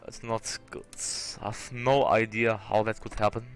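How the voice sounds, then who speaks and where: A young man commenting on his strategy game as he plays, thinking aloud and swearing when the game bugs out. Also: fairly low pitch. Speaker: let's play host.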